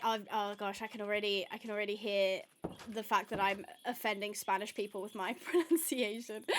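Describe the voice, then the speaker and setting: A woman's voice: high voice, a bit bright. A woman hosting a gaming video, chatting casually through her gameplay and gasping with delight as she talks.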